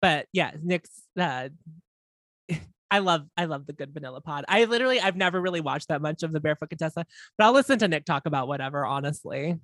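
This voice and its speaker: Brief: wry, chatty male co-host with a high voice, dry studio sound. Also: expressive, fairly quick, fairly bright tone, no echo. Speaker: podcast co-host. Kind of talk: casual chat.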